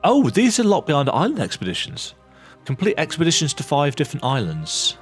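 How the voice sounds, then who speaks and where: A man's voice: on the high side, wildly swooping pitch, brisk, soft background music. A man chatting his way through a video game, thinking aloud and reading game text as he plays. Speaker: video game let's-player. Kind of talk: casual gameplay commentary.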